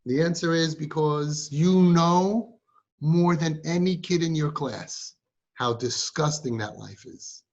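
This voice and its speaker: In a fairly high-pitched, darkish voice, a man speaks slowly while giving a motivational talk to a group of girls in front of him. His style is teasing, full of rhetorical questions and emphatic repeats, and the recording is dull and lo-fi.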